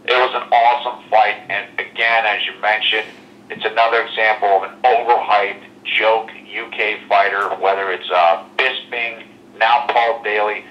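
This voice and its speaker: A man's voice: fairly low pitch, steady tone, normal speed, bright, forceful tone. A man calling in by phone as co-host, giving blunt, dismissive fight commentary. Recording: muffled phone line.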